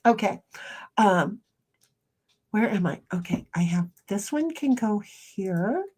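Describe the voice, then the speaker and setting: Slow-talking, rambling woman streamer. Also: medium pitch, animated, slightly rough. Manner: rambling and chatty, with frequent restarts and soft trailing asides. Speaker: live streamer. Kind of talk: casual live-stream chat, reading viewer comments aloud.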